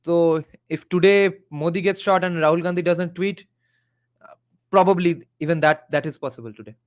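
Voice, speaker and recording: A man's voice: a little high, normal speed. A man who hosts a live reaction video, talking in a conversational way and reading viewer comments aloud.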